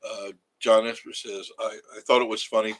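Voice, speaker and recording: A man's voice: on the low side, level tone, moderate pace, a bit bright, poor audio. A man, chatting casually on a livestream from his cabin and reading viewer comments aloud in a rambling way. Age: 70s. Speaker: livestream host. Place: home cabin.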